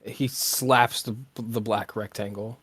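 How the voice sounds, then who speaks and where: A man's voice: lowish voice, steady tone, fairly bright tone, slightly rough, no echo. Dry-sounding player narrating his character. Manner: describes his character's actions in third person, halting. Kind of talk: tabletop game play.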